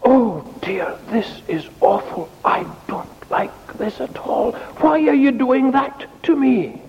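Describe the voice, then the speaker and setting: A man's voice: very high-pitched, lively intonation, slow pace, in a large hall, highs cut off, pitched above the performer's own voice, exaggerated voice. A man voicing a complaining talking fire that whines plaintively about being blown on. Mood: whiny. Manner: whiny, fussy and plaintive. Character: whining, complaining fire that hates the cold bellows.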